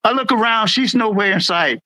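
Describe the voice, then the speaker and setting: A middle-aged man, a military veteran, tells stories in a casual, animated way. His voice jumps high whenever he acts out what someone said. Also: fairly quick, dry recording, low-quality recording. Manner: animated, jumps high when acting out quotes. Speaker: veteran guest, former Air Force supervisor. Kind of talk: casual storytelling.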